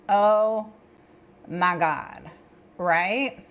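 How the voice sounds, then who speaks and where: Slow-talking chatty woman streamer. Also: lowish voice, muffled recording. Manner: rambling, chatty, with bursts of excitement. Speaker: livestream host. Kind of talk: casual co-working stream chat.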